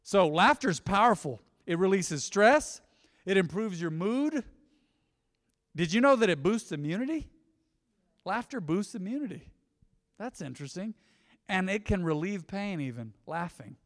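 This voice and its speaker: A middle-aged man preaching a lively sermon, swinging between loud exhortation and soft asides. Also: fairly high pitch. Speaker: pastor. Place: church sanctuary. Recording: church hall reverb.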